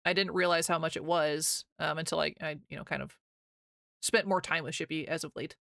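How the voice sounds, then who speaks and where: A woman's voice: low voice, fairly even intonation, fairly quick, creaky, a bit bright, dry recording, studio quality. A young American woman streaming live, chatting casually with her viewers, rambling and laughing often as she reads chat aloud.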